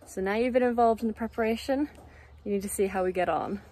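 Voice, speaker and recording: A woman's voice: mid-range voice, fast talker, mellow. A young woman from Ireland with an Irish accent, giving a chatty, upbeat vlog walkthrough. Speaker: vlogger.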